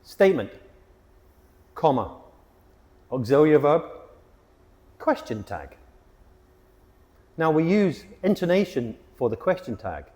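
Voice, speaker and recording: A man teaching an English grammar lesson, with a clear and emphatic delivery. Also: a little high, very animated, slow, long pauses, a little mellow, big-room sound. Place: hot location.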